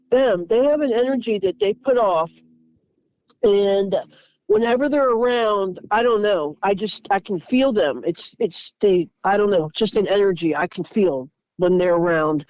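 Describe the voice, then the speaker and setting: A woman, telling her own story in a casual, halting way, with frequent restarts. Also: medium pitch, darkish tone, no room sound, rough recording. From Tennessee. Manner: halting, repeats words, restarts sentences.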